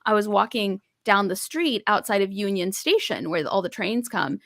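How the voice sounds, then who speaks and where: A woman from Arkansas chatting in a relaxed group call, bouncing into lively quoted voices as she tells a story. Her voice sits at a middle pitch and sounds close and dry. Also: moderate pace, gravelly, no echo. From Arkansas, USA. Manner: animated storyteller, acts out quotes. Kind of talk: casual group chat.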